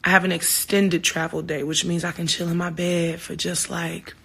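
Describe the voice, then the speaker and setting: Woman, casual phone-livestream chat; bright, forward tone, heartfelt and candid, swears freely. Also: fairly low pitch, level tone, moderate pace, vocal fry, husky. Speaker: singer hosting a livestream.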